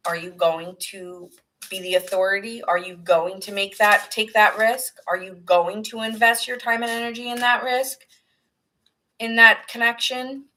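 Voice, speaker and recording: A woman's voice: mid-range voice, level tone, normal speed, pushed and bright, slight background noise, rough recording. A woman giving a casual tarot reading, earnest and rambling, sometimes dropping into whispered asides. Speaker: tarot reader.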